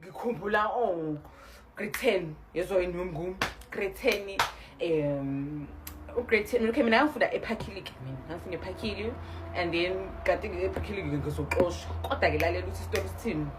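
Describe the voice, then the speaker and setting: A woman's voice: on the low side, fast talker. A woman with a South African accent telling a casual storytime, chatting mostly in isiZulu with English words mixed in. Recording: noisy background ambience.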